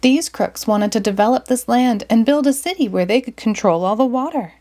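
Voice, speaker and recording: A clever, unflappable teen girl sleuth from a cartoon storybook, voiced by a woman reading aloud. She talks measured and matter-of-fact, set a little higher than the reader's own voice. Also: expressive, dark tone, lightly acted. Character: smart, calm teenage girl sleuth.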